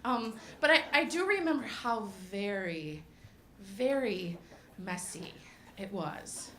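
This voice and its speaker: A woman's voice: medium pitch, animated, takes it slowly, a bit bright. A young woman doing stand-up comedy, giggling and breaking off her own sentences with nervous laughs. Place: comedy club stage. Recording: roomy echo of a comedy stage.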